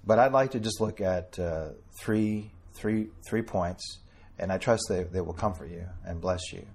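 A man gives an informal sermon to a small group, speaking conversationally and turning to listeners by name. His voice sits low and has a husky grain, and he reads scripture aloud in old-fashioned wording. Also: a little mellow. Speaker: preacher.

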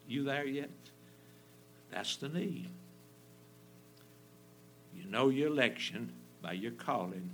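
A man preaching a fervent sermon, swinging from loud emphasis down to a near whisper and repeating phrases for effect. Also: medium pitch, lively intonation, takes it slowly, pauses often, soft background music.

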